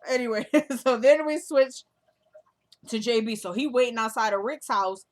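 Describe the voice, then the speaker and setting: A woman's voice: a little high, normal speed. A woman giving a casual, chatty recap of a TV episode, speaking straight to her viewers and retelling the dialogue scene by scene. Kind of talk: casual show recap vlog.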